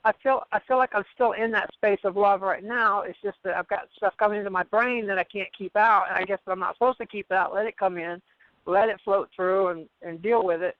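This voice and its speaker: A man's voice: high-pitched, steady tone, brisk, no room sound. A man calling in to a radio show, telling a personal story in a rambling way that repeats words. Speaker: caller. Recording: dull muffled phone audio.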